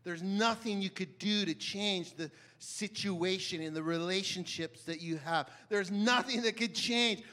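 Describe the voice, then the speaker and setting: Bright high-pitched male preacher. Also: unhurried, hardly any pauses. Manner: emphatic, dramatic swings from loud to hushed, asks the audience questions. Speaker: pastor. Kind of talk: sermon.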